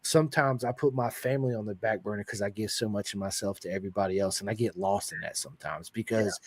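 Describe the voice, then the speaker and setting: A man hosting a casual podcast, reading viewer comments aloud and talking emotionally and excitably, with casual swearing. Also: lowish voice, fast talker, slightly rough, dry recording. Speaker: podcast host.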